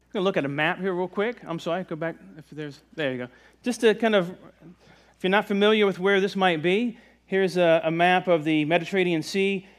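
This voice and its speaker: A man from the Virginia mountains preaching a sermon in a relaxed, conversational way, joking with the congregation. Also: high-pitched, brisk. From Virginia mountains, USA. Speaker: pastor. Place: church service.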